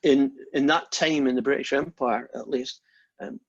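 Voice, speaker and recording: Chatty math teacher guy on a video call, husky voice, lots of ums, muffled lo-fi audio. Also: medium pitch, fairly even intonation, normal speed. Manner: chatty, joking, with many fillers and restarts. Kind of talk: casual online lecture. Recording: dull lo-fi online call audio.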